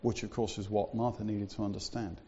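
Guy giving a church sermon, relaxed chatty preaching, warm low tone, kinda muffled recording. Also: a little fast, slight background noise. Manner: conversational preaching with frequent fillers and asides.

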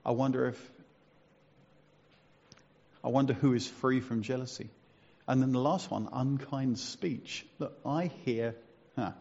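A man preaches a sermon in a slightly husky voice and asks his listeners questions as he goes. His voice rings with a long church reverb. The recording is dull and lo-fi. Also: medium pitch, unhurried, long pauses, a little mellow. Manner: conversational, asks the congregation questions, self-mocking humour. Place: church hall.

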